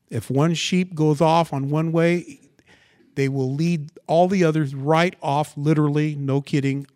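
A pastor with a higher voice preaches a sermon, asking the congregation rhetorical questions and swinging between quiet asides and loud, dramatic scripture reading. The audio is studio quality with no room sound.

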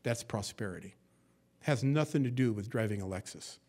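A pastor with a lowish voice delivers an expository sermon at a brisk pace. He moves between hushed, conversational asides and loud, emphatic verse reading, acting out folksy quotes along the way.

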